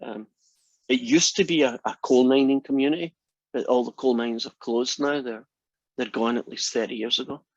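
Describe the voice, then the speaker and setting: A math teacher from Scotland speaks at a moderate pace in a medium-pitched voice during a classroom lecture. He teases drily while staying relaxed and talkative. The recording is dry and close, with a muffled, lo-fi quality.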